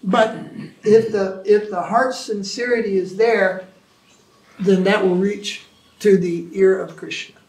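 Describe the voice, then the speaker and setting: A man answering questions as a spiritual teacher in an informal talk, animated, sometimes imitating chanting. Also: sits high, slow pace. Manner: animated storytelling, mimics chanting. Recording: echoey room from far off.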